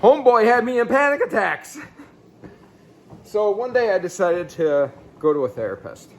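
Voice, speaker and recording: A man in his thirties telling his own life story in a blunt, casual way. He swings between excited outbursts and quiet, low asides. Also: moderate pace, low-quality recording. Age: 30s. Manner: blunt and casual, with some swearing. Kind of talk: candid personal storytelling.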